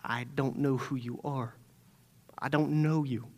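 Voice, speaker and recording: A man preaching a sermon who voices the Lord turning people away in a slow, grave and final manner. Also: high voice. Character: stern Lord refusing entry, solemn male judge.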